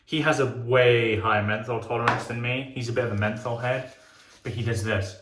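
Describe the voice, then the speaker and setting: A man chatting his way through a shave in a relaxed, easygoing way, with the odd swear word when he gets excited. His voice sits at an ordinary middle pitch, and the small room around him echoes noticeably. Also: brisk, a little hiss or hum. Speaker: shaving channel host. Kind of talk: casual shaving vlog talk. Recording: roomy, echoey sound.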